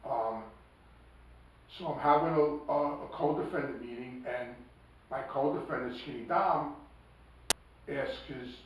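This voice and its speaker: A man's voice: mid-range voice, a little slow, long pauses. A man recounts his past in a blunt, emphatic way. His voice sits in a middle range. It is recorded from some distance in a very echoey room with faint background noise. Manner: blunt, emphatic, acts out quoted speech. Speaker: podcast guest. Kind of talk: conversational storytelling.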